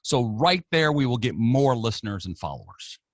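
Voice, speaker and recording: A man's voice: mid-range voice, very animated, moderate pace, no echo. An American man hosting a radio talk show, interviewing a guest with jokey, playful banter. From United States. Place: radio studio.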